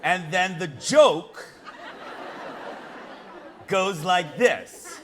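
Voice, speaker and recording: Guy doing a big convention opener, high voice, unhurried, shouts out his jokey lists, some hall noise behind. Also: expressive, some chatter behind. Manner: loud, punchy delivery with comic lists and frequent laughing. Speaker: conference host and keynote speaker. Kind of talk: comedic opening speech to a live audience.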